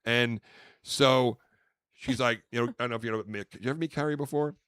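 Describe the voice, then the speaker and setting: A man co-hosting a podcast, telling a long comic story in a casual, animated way and acting out voices. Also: medium pitch, fairly quick, clear, resonant tone, no room sound, clean studio sound. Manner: animated, acts out quotes loudly. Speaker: podcast co-host, comedian.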